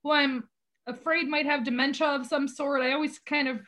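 A woman's voice: sits high, steady tone, normal speed, fairly bright tone. A woman co-hosting a podcast, chatting casually and expressively, teasing with fondness. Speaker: podcast co-host. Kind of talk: casual chat.

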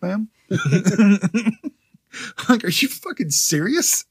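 A man's voice: high-pitched, expressive, normal speed, creaky, fairly bright tone, husky, no room sound. A young man co-hosting a podcast, telling a travel story in casual, profane chat, laughing often. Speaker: podcast co-host.

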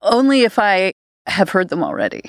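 A woman's voice: medium pitch, wildly swooping pitch, moderate pace, no echo, studio quality. A middle-aged woman from Canada co-hosting a podcast, telling stories in a chatty way and laughing often. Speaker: podcast co-host. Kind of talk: casual chat. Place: studio.

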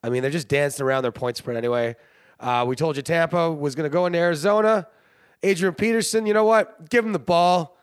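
A Canadian sports podcast host with a fairly high voice talks fast, recorded dry with clean studio sound. His casual commentary rambles and jokes, and he laughs often.

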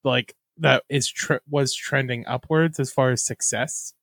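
A man's voice: medium pitch, fairly even intonation, unhurried, a bit bright, no room sound. Crude, riffing man on a podcast. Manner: crude, riffing, laughs often. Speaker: podcast co-host. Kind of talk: casual comedic podcast chat.

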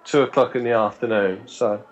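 A man's voice: lowish voice, fairly even intonation, moderate pace, dull audio. A man on a podcast, telling a long story in a chatty way, often restarting words and acting out what people said. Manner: chatty, restarts words, acts out quoted dialogue. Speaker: guest on a church podcast. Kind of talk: anecdotal storytelling.

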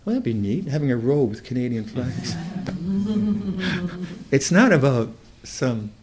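An older man, a Buddhist meditation teacher, giving a reflective dharma talk in a thoughtful, halting way, often restarting his sentences. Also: mid-range voice, big pitch swings, background noise.

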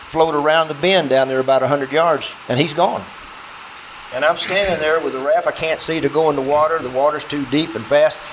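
A man telling a true outdoor story to an audience in a folksy, animated way, acting out dialogue with plenty of fillers. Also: on the high side, noisy background.

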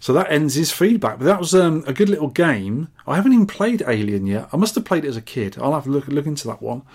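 A man's voice: on the high side, big pitch swings, fast, darkish tone, slightly rough. A British man co-hosting a podcast, reading listener emails with a dry, teasing humor. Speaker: podcast co-host.

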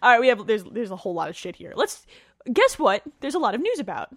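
A woman's voice: a little high, very animated, fast, no echo, clean studio sound. A woman co-hosting a podcast, chatting casually about gaming news in a joking, sarcastic way and swearing freely. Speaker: podcast co-host.

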